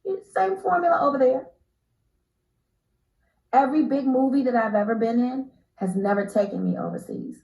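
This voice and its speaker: An American woman telling an animated story as an interview guest, emphatic and quick to laugh, her pitch swinging from low to high. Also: vocal fry, roomy sound, poor audio. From United States.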